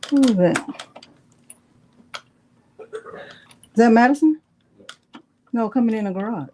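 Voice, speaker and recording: Chatty crafting host woman, slightly high voice. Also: expressive, takes it slowly, mellow. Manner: chatty, addresses viewers as y'all, self-teasing; muttering to herself while working. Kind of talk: casual livestream chat while crafting.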